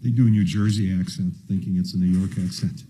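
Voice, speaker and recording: A man's voice: low-pitched, steady tone, fast talker, mellow, slightly rough, rough recording. A man chatting casually in a radio studio, easygoing and joking.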